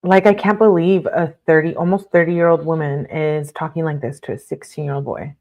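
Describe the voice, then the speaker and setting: A woman's voice: low voice, fairly even intonation, fairly quick, a little mellow. A woman hosting a casual live stream, reading documents aloud and breaking off to react with blunt outrage and lots of fillers. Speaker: livestream host reading court documents.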